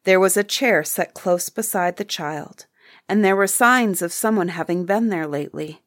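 A woman narrating a classic story for an audiobook in a calm, measured storytelling manner. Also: lowish voice.

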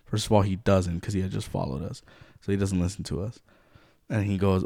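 A man's voice: low voice, fairly even intonation, fairly quick. Blunt, foul-mouthed podcast man. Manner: blunt, heavy swearing, lots of "like". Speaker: podcast co-host. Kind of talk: casual profane podcast chat.

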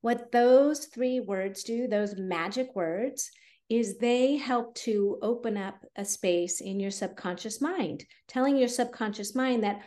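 A woman's voice: fairly high pitch, slow pace, warm tone. A woman guest on a podcast, a fertility coach explaining her methods in an earnest, conversational way with fillers. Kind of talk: podcast interview.

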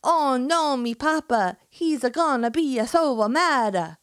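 A woman voicing an excitable young Italian man with a hammed-up put-on Italian accent and a sing-song, broken delivery. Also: extremely high pitch, slow pace, clean tone, dry recording, clean studio sound, voice pushed up, heavily acted. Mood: fretful. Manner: exaggerated sing-song, dropped articles.

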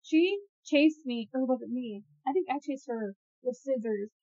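A young woman with a high voice talks in an animated, casual way, laughing often and swearing freely. The recording is close and dry, with a somewhat dull, muffled tone. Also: normal speed, dry recording. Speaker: podcast co-host. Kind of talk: casual chat.

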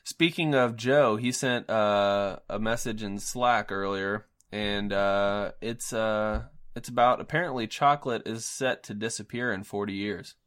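A man's voice: lowish voice, a little slow, few pauses, a bit bright, smooth. A man co-hosting a podcast, bantering in a teasing, joking way with frequent fillers. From Missouri. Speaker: podcast co-host. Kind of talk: casual chat.

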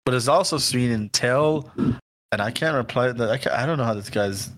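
A man's voice: medium pitch, normal speed, a bit bright. A man in his twenties co-hosting a casual podcast chat about sayings, joking around and stumbling over his words. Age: 20s. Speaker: podcast co-host.

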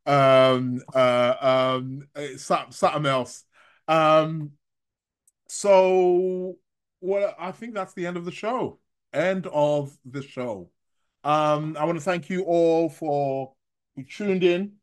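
Man, fairly high voice, tarot reader, live-stream chat, halting, many restarts, chuckles a lot. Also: fairly even intonation, smooth. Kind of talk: live-stream chat reading viewer comments.

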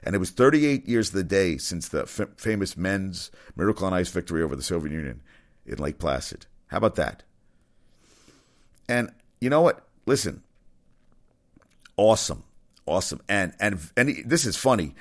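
Low-voiced man ranting bluntly. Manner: blunt, swears freely, rambling with restarts. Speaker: commentary host. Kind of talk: casual opinion rant.

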